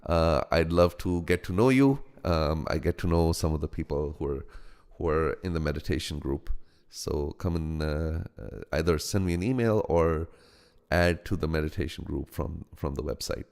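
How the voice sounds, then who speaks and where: A man's voice: rumbling low, vocal fry, clean tone, in a large hall. A man with a mixed American and Indian accent hosting a live meditation stream. He greets viewers one by one and halts often with ums and restarts. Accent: American-Indian mix. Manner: halting, frequent ums and restarts, greets each viewer warmly by name. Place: home studio.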